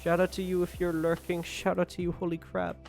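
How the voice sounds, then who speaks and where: A man's voice: high-pitched, completely flat delivery, a little fast, gravelly, darkish tone, faint music behind. A young man streaming live, reading viewer messages aloud and thanking them in a playful, joking way. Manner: playful, joking, laughs often. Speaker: livestreamer. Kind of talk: casual live-stream chat.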